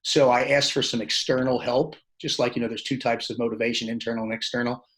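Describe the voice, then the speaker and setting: A man's voice: mid-range voice, fast talker, poor audio. Guy on a podcast telling his story, mid voice, plain talk, acts out the quotes. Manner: animated, acts out quoted dialogue; plainspoken, loose phrasing with restarts. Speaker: podcast guest. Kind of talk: casual storytelling interview.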